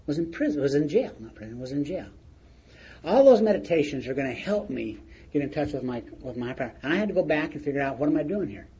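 A man's voice: a little high, animated, quick pace, mellow, breathy edge. A middle-aged man sharing his recovery story in a plain-spoken, storytelling way with chuckles. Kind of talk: recovery meeting share. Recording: muffled lo-fi recording with faint noise.

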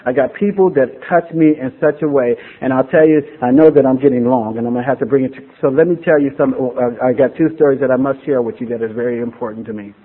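A man's voice: medium pitch, fast talker, few pauses, breathy edge. Middle-aged man telling his story, tinny audio. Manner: earnest, emotional storyteller. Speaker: speaker sharing a recovery story. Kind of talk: personal testimony to a live gathering.

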